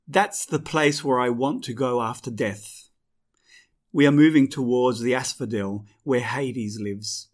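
A man giving slow, clear first-person scripted audiobook narration. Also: mid-range voice.

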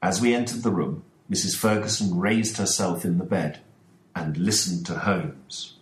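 A man narrating a story aloud in a slow, deliberate reading. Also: low voice. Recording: echoey room.

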